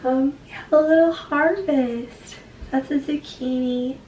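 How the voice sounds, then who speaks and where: A young woman and mother with a sick, hoarse voice, chatting casually and rambling through a home vlog, full of "like". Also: high voice, steady tone, slow, a little mellow, recorded from a distance, muffled recording. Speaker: vlogger and mother. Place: home kitchen and garden. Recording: roomy, off-mic, household noise.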